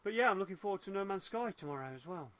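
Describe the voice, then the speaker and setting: A man's voice: high voice, lively intonation, racing, a bit bright. A man chatting casually about games, explaining at length with frequent restarts. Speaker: gamer in casual chat. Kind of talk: casual chat. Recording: muffled lo-fi voice chat.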